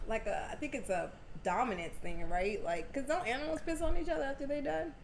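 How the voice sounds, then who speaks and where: A young adult woman co-hosting a podcast in casual, candid chat, animated and slangy with bursts of loud laughter. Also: sits high, a little fast, slight background noise. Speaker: podcast co-host.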